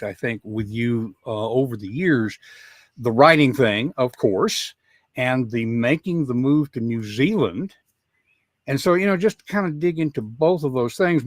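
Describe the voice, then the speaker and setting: A man's voice: mid-range voice, animated, normal speed, no echo, clean studio sound. A man with a Southern US accent hosting an interview podcast, chatty and folksy, often repeating words as he gets going. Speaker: podcast host. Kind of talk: casual interview chat.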